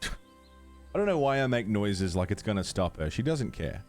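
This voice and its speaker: A man's voice: lowish voice, sing-song, moderate pace, faint music behind. A man streaming a game live, chatting casually with his viewers and fussing at his cat as he plays. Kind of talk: casual livestream chat.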